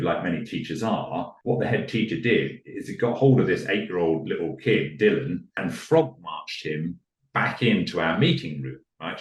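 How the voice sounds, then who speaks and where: A man's voice: low-pitched, recorded from a distance. A middle-aged man, a podcast guest, telling a story and acting out its characters in raised voices. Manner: acts out the people in his story in raised voices. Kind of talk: animated storytelling. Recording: echoey room, a little off mic.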